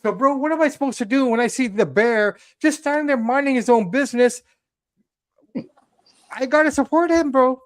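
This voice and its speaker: A man's voice: extremely high pitch, moderate pace, no echo, clean studio sound. A man from Canada chatting on a podcast roundtable in a laid-back way, calling everyone brother. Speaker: podcast co-host. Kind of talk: casual chat.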